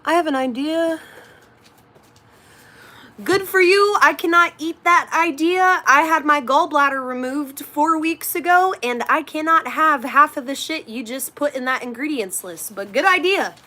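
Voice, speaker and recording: Young woman, high-pitched voice, casual livestream chat, thanks viewers, scolds her puppy, hotel room. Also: a little slow, pushed and bright.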